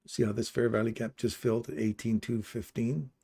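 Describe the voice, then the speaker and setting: A man's voice: mid-range voice, little pitch movement, a little fast, vocal fry, mellow, slightly rough. A man casually commenting on a live trading stream, reading out and answering viewers' chat messages by name. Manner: upbeat and chatty, laughs easily.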